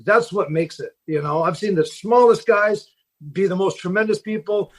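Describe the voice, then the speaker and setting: Middle-aged man, captain, casual storyteller, rambling, a higher voice. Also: moderate pace. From Seattle. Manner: rambling, with many fillers and restarts. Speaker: fishing boat captain, guest. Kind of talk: casual storytelling in a podcast interview.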